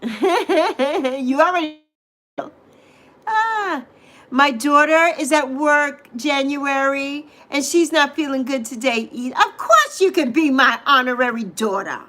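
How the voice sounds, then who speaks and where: A woman's voice: high voice, animated, takes it slowly, fairly bright tone. A middle-aged woman hosting a casual livestream, greeting viewers by name and repeating phrases with gushing affection. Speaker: livestream host.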